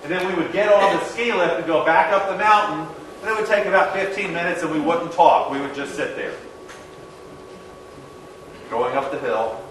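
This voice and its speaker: A man's voice: on the high side, moderate pace, a little hiss or hum. Echoey distant man telling a story. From American South. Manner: animated storyteller acting out dialogue. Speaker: motivational speaker. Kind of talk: storytelling keynote talk. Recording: echoey hall, distant mic.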